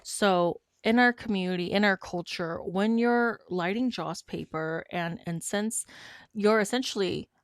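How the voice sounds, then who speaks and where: A woman as podcast host, narrating a story in an earnest, measured way. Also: mid-range voice, clear, resonant tone, no room sound, studio quality.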